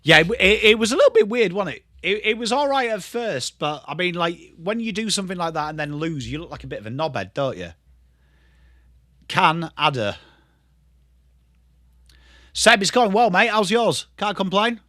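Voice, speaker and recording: A man's voice: high voice, very animated, moderate pace, pauses often, pushed and bright, no echo, studio quality. An English man in his thirties, host of a casual live stream, chatting loosely and swearing as he answers viewers. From England. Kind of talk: casual live watchalong chat.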